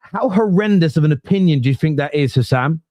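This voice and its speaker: A man's voice: on the high side, lively intonation, fairly quick, warm tone, dry recording, clean studio sound. A man, hosting a casual football podcast in a laid-back, bantering way. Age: 40s. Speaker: podcast host.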